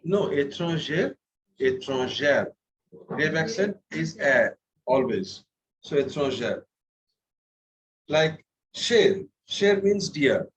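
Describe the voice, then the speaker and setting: A man's voice: fairly high pitch, big pitch swings, takes it slowly, long pauses, slight background noise, poor audio. A man teaching a French class, patient, repeating words and checking that students follow. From India. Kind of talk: classroom lesson.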